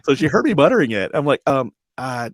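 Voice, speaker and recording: A man in his forties telling a personal story as a podcast guest, animated and acting out quoted voices, laughing now and then. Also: on the high side, rapid-fire, husky, no room sound, clean studio sound. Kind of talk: storytelling interview.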